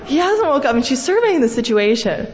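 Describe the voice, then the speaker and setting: A woman's voice: high voice, sing-song, a little fast, a little mellow. A young woman speaking a fond, rambling eulogy in a large church, full of fillers as she tells family stories. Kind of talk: memorial eulogy. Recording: echoey hall, dull sound, faint hiss.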